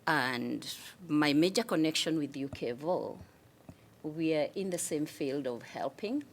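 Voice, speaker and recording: A woman from Kenya, a city commissioner, giving measured, heartfelt farewell remarks at a public meeting. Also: low voice, lively intonation.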